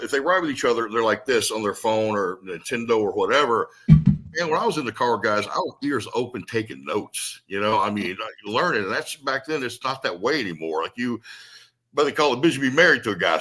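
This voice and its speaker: A young adult man, a pro wrestler, telling stories in casual, profane, animated chat. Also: medium pitch, fast.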